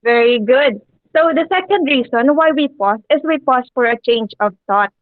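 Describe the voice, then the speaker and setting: A woman with a high, bright voice gives a classroom lesson, pronouncing words slowly and turning often to an imagined class with rising questions. The sound is dry and a little dull, like a lo-fi home recording. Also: lively intonation, no room sound. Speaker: teacher.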